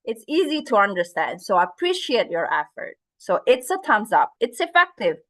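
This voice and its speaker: A woman's voice: medium pitch, very animated, normal speed, a bit bright. A woman lecturing an online class, asking students questions and mixing in phrases. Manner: interactive, asks questions, switches into Indonesian phrases. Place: video call.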